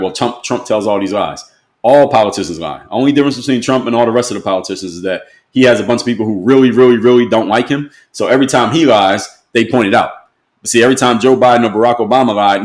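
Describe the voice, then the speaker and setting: A man delivering a blunt, emphatic opinion monologue as a motivational speaker, lecturing his audience directly. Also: lowish voice.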